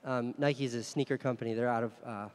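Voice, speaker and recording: A man's voice: mid-range voice, fairly even intonation, fast talker, darkish tone, in a large hall. A man giving a frank, self-deprecating keynote at a conference, telling the story of his career in plain, earnest words. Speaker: conference speaker.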